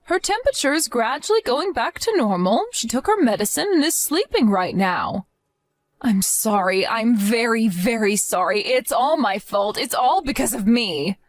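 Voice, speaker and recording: A woman's voice: on the high side, lively intonation, normal speed, dry recording, natural voice. A woman voicing a worn-out, pleading young mother. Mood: apologetic. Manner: apologetic, pleading.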